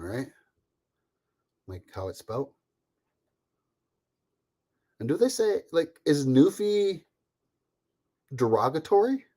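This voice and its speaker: A man's voice: on the low side, darkish tone. Chatty man rambling on a live stream. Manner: rambling, chatty, greets viewers by name, laughs often. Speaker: livestream host. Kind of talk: casual live-stream chat.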